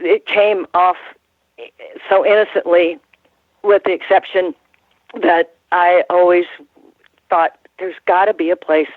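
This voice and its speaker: A woman in her sixties, formerly a wrestling ring announcer, guests on an interview over a phone call. Her lowish voice comes through a tinny, dry line without echo as she tells rambling stories full of restarts and laughter.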